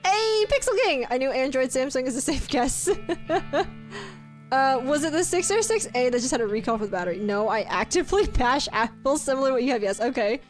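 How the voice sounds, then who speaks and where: A woman's voice: high-pitched, animated, brisk, soft background music. A woman streamer chatting casually with her viewers, bubbly and teasing, laughing often as she talks. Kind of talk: casual live-stream chat.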